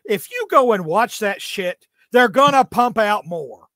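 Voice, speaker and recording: A man's voice: extremely high pitch, expressive, moderate pace, few pauses, a bit bright, dry recording, clean studio sound. A middle-aged man co-hosting a fan podcast, rambling and ranting with many fillers. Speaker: podcast co-host. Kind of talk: casual fan podcast chat.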